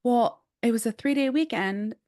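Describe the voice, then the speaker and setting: A woman co-hosting a podcast, telling a story in casual chat with lively, animated delivery and plenty of filler "like"s. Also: on the high side, moderate pace. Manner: animated, acts out quotes, says "like" often. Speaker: podcast co-host.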